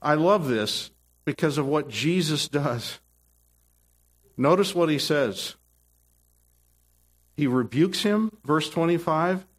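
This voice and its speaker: Brief: middle-aged male pastor, sermon delivery, slow, emphatic, fairly high voice. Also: animated. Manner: emphatic, repetitive, with many restarts.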